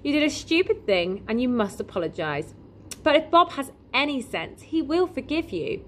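Storybook: a woman doing a kindly, fussing shopkeeper, high and gentle, with faint hiss behind. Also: very animated, normal speed. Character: kindly jolly grown man, corner-shop keeper.

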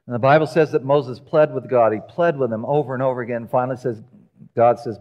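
A man preaching a sermon in a church, telling the story with lively acted-out voices. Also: medium pitch, a little fast, lo-fi sound. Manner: animated storytelling, acting out quoted voices. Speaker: pastor. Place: church sanctuary.

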